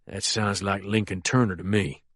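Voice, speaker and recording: A man's voice: deep voice, fairly even intonation, normal speed, a bit bright, dry recording, studio quality, voice pushed down. A man voicing a cold, menacing crime boss. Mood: commanding.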